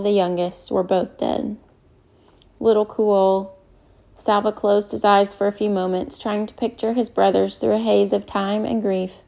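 A woman narrates a novel in a calm, measured way. Her voice is mellow and dark, with a gravelly edge of fry. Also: medium pitch. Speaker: audiobook narrator. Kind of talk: scripted narration.

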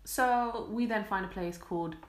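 A woman's voice: mid-range voice, normal speed, reverberant, very noisy. A young woman, telling a date story in casual chat, acting out both sides with laughs.

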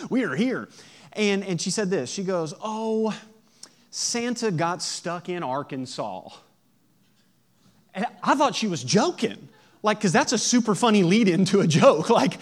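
Lively man preaching with warm humor. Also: high-pitched. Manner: lively storytelling, laughs often, acts out voices. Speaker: pastor. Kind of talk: sermon with a personal story.

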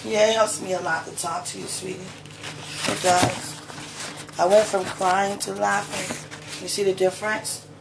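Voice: mid-range voice, level tone, normal speed, gravelly. Playful affectionate speaker, casual home chat, echoey kitchen, mic some distance away. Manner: affectionate, playful, laughs often. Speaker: person talking to a loved one. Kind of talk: casual one-sided chat. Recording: roomy sound from a distant mic with faint background noise.

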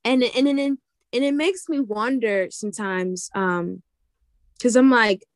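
A young woman earnestly recounting a vision in halting, repetitive casual speech. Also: fairly high pitch, dry recording. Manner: earnest, halting, repeats herself. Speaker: guest sharing a vision. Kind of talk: casual testimony.

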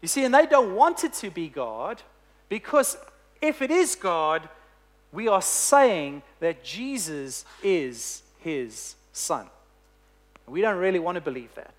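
A preacher delivering a sermon, telling a story with emphatic, deliberate phrasing. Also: medium pitch, big pitch swings.

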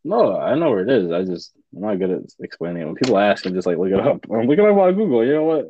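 Low-voiced young man, dry teasing. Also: very animated, fast talker, mellow, lo-fi sound, a little hiss or hum. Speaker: podcast co-host. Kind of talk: casual chat.

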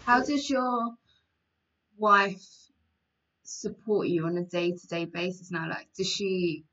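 A woman's voice: mid-range voice, slow pace, dull audio, noisy background. A woman hosting a casual chat, giggling as she tells stories and acts out what people said.

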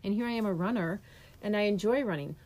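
A woman's voice: medium pitch, quick pace, a little mellow. A middle-aged woman chatting casually as a podcast co-host, telling self-deprecating stories. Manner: self-deprecating, storytelling, talks while eating. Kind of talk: casual chat.

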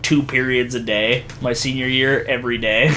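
A young man in casual chat, telling animated stories, swearing freely and laughing often. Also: medium pitch, moderate pace, slight background noise.

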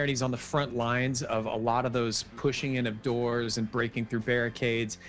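A male podcast co-host in relaxed, profane conversation. His voice sits in an ordinary middle range, and he talks loosely, laughing along with his partner. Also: mid-range voice. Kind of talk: casual podcast chat.

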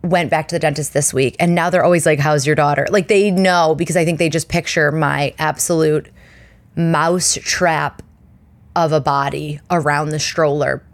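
A woman's voice: sits low, moderate pace, no room sound. Chatty woman podcast host, dry sound. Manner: chatty and animated, acts out quoted voices. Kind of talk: casual storytelling monologue.

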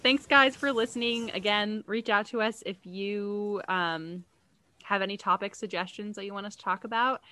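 A young woman co-hosting a podcast in casual chat, telling stories with lively energy and frequent laughter. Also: medium pitch, moderate pace. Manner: chatty, laughs often, lively storytelling. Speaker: podcast co-host.

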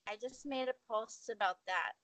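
A woman's voice: fairly high pitch, moderate pace, fairly bright tone, no echo. Young woman, from Minnesota, casual chat, laughs a lot, dry close sound. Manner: laughs often, chatty with fillers. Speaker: podcast guest.

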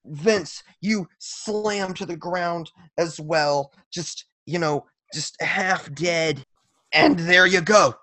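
Male game master, unhurried, vivid narration, dry close mic. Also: fairly high pitch, bright, forceful tone, no room sound. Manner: slow, vivid descriptive narration.

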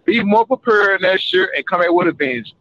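Man, caller in a truck, high voice, rambling, fired up, muffled lo-fi line. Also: big pitch swings, a little fast, a bit bright. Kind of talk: casual phone-in chat. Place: in a truck on the road.

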